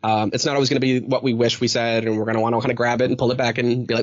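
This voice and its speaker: A man's voice: mid-range voice, little pitch movement, very fast, dull audio. A man hosting a casual podcast chat, rambling with many fillers and acting out quoted dialogue. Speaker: podcast host.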